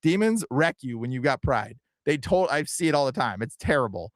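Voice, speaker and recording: A man's voice: medium pitch, animated, no echo. A young man hosting a livestream podcast, talking earnestly and casually with lots of fillers and "bro". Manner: earnest, fast, filler-heavy with frequent "bro" and "like". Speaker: podcast host.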